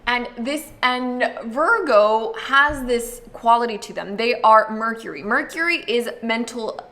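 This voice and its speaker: A woman hosting an astrology video, talking casually and explaining to the viewer, full of "like" and quick acted-out quotes. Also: a little high, sharp tone. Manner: chatty, uses lots of "like", acts out quick voices. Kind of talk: casual explanatory talk to camera.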